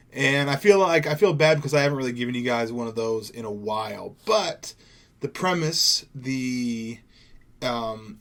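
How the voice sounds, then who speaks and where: A young man from Seattle giving casual gameplay commentary as a gaming YouTuber, rambling and laid-back, swearing now and then. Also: mid-range voice. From Seattle, USA.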